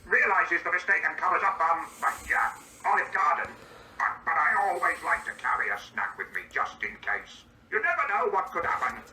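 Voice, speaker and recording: A synthetic male voice, a little high and sharp in tone, plays an indignant grown man who is easily baffled, reading his own stage directions aloud before each line. The performance is very animated and heavily acted, yet delivered at a normal, even pace. The recording sounds echoey and distant, with faint background hiss.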